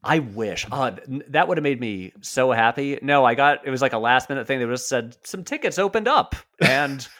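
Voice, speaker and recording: A man's voice: medium pitch, expressive, normal speed, few pauses, fairly bright tone. A man guesting on a film podcast, telling a story in a hesitant, rambling, self-amused way. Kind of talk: casual anecdote.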